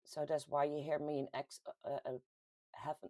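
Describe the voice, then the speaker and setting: A woman from the Netherlands with a Dutch accent hosts a casual livestream, reading out viewer comments in a chatty, giggly way with sudden lively jumps in pitch. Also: moderate pace, no room sound. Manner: chatty and giggly, with frequent laughs and ums. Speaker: host of a paranormal community livestream.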